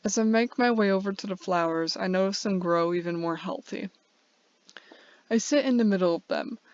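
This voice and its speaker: A woman reads a first-person short story aloud in an earnest, even way, now and then stumbling and restarting a word. The recording is dry, with no room echo. The sound is a little dull and lo-fi. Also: lowish voice. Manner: earnest, with small slips and restarts. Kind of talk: first-person fiction reading.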